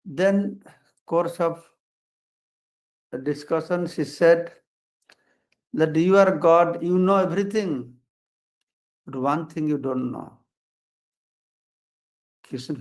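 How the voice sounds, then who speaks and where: Older guy, slow devotional sermon, slightly high voice. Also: low-quality recording. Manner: retells scripture with quoted dialogue, simple phrasing, measured delivery. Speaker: swami giving a festival lecture.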